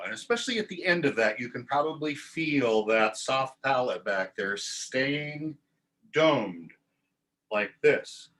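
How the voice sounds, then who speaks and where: A man in a mid-pitched voice leads a choral warm-up, talking through breath and vowel placement and then modeling each sound. His delivery is calm and instructive, paced for a group following along. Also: slow. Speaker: choir teacher. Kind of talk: guided vocal warm-up lesson.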